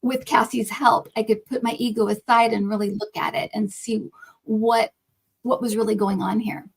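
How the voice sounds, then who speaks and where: A middle-aged woman, a psychic reader who hosts her own show, talks casually with a co-host. Her voice sits a little high, and she tells stories with animation, racing through some phrases and lingering on others. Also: creaky, slightly rough, low-quality recording. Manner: animated storytelling, hurried bursts then drawn-out words. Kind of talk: casual chat.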